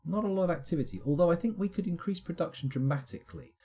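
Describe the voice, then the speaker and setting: A man's voice: fairly high pitch, fast talker, creaky, mellow, slightly rough. A man streaming a management game, muttering his choices aloud with wry asides. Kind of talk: casual let's-play commentary.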